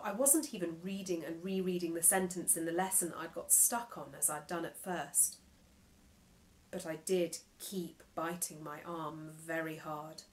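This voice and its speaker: A woman author giving an expressive, measured reading of her own novel. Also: fairly low pitch. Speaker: nominated author.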